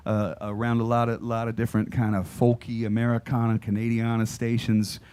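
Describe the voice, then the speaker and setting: A man's voice: mid-range voice, level tone, fairly quick, a little mellow, clear, resonant tone. A man, a singer-songwriter telling dry, self-deprecating stories between songs at a live show. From United States. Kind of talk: casual stage banter between songs. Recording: live performance with guitar behind. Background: guitar music.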